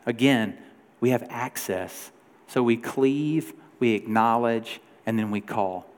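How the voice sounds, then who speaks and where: A man in his forties preaching a sermon as pastor, telling a story in a loose, conversational way with shifting pace and loudness. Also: mid-range voice, slow. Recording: long hall reverb.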